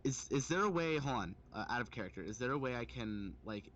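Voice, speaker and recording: A man's voice: medium pitch, animated, fast, fairly bright tone, a little hiss or hum. A man playing a tabletop game, chatting casually with lots of fillers over an online voice call. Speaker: player. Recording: dull lo-fi mic.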